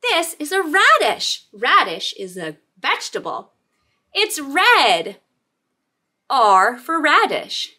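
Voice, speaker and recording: A woman hosting a toddler phonics lesson, drawing out letter sounds in a slow, sing-song way. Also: high voice, big pitch swings, pushed and bright. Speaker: children's teacher and host.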